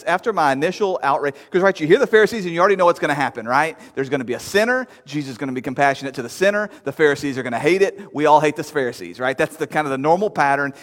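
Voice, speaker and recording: High-voiced man preaching in a reverberant hall. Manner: conversational, emphatic preaching with rising peaks. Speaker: pastor. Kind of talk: sermon. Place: church sanctuary.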